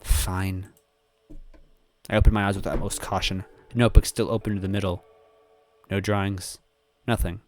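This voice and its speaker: A man hosting a let's play, reading the game's text aloud and answering it with jokes and quick laughs. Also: low voice. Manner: animated, joking, quick laughs.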